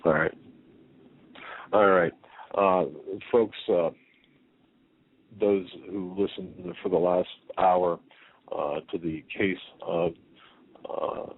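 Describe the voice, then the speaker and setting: A man co-hosting a talk radio show, out of breath and halting, with many fillers. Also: sits low. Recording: tinny phone-like internet radio.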